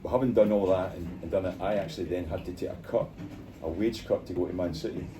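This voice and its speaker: An older Scottish man, a former footballer, telling animated stories in an interview and acting out the voices of people he quotes. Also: low voice, fast. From Scotland. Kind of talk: storytelling interview in a bar. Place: bar. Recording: distant mic, noisy bar.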